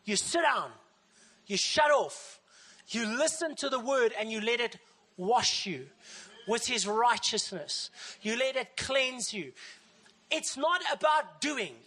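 Woman pastor giving a sermon, really bright sharp voice, animated, plays out little voices as she goes. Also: fairly high pitch. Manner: animated preaching, acts out quoted voices.

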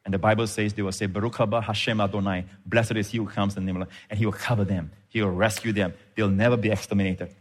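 A man's voice: on the low side, flat delivery, fast, few pauses. A man preaching a sermon as pastor, building fervor and punctuating with frequent amens.

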